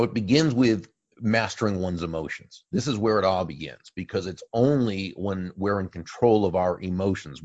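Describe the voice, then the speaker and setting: A man with a very low voice talks through his answers as an interview guest, pausing and restarting as he thinks. The sound is dry and a little dull, like a lo-fi remote line. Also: a little mellow, husky, dry recording. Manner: thoughtful, speaks in long pauses and restarts. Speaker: interview guest, author and speaker. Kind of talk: storytelling conversational answers.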